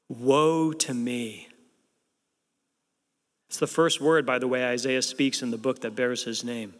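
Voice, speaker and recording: A man's voice: on the high side, fairly bright tone. A man preaching a sermon in a church, speaking with emphasis and asking his listeners rhetorical questions. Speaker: pastor. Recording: long reverb of a large hall.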